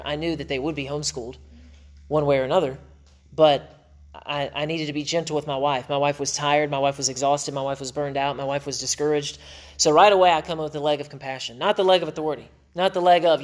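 A man's voice: on the high side, fairly quick. A middle-aged man hosting a marriage podcast, teaching in an emphatic, preacher-like way and repeating phrases for stress.

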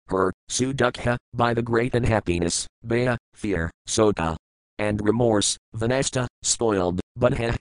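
Man, measured scripture reading, smooth resonant voice, dry close sound. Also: medium pitch, dry recording, rough recording. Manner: measured, recites verses and word meanings. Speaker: scripture reader.

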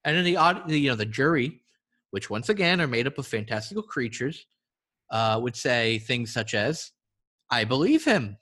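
A man's voice: mid-range voice, normal speed, bright, forceful tone. A man riffing playfully in a casual comedic podcast chat. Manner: riffing, playful, slips into silly voices.

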